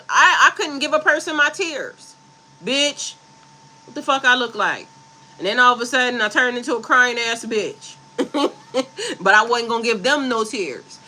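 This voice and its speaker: A woman with a piercingly bright, sharp voice, speaking as a spiritual coach on a casual livestream. She moves between reciting affirmations and blunt, cursing asides to her viewers. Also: on the high side, rough recording. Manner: blunt and profane, switching between reading affirmations and loose asides.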